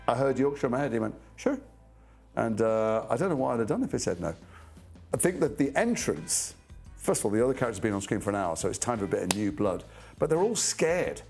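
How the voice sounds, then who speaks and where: A man's voice: mid-range voice, gravelly, darkish tone. A middle-aged man, an actor recounting anecdotes from his career in a thoughtful interview, often trailing off and restarting.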